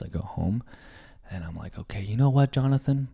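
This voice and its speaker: A young adult man hosting a podcast, telling a candid story, animated, swearing often and acting out the lines of the people in it. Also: lowish voice, brisk, vocal fry, breathy edge. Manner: animated, swears often, acts out his own and others' lines. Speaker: podcast host.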